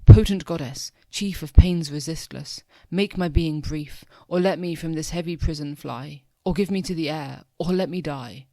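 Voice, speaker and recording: Man doing an enchanted elephant, pleading, solemn, gravelly, dry sound. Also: fairly high pitch, moderate pace, hardly any pauses, mellow, dry recording. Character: enchanted elephant, a begging former king.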